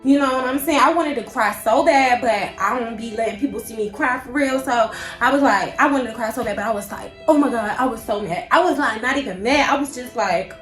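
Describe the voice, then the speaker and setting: Young woman with a high voice telling a storytime, slangy and dramatic, echoey room. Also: a little fast, few pauses, soft background music. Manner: animated, slangy, dramatic inner monologue. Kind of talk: storytime vlog, casual retelling.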